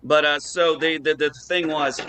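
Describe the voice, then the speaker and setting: Bright-voiced man telling army stories. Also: a little high, normal speed, slight background noise. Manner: animated anecdote teller, acts out quoted voices, swears casually. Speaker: show co-host. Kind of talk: casual storytelling chat.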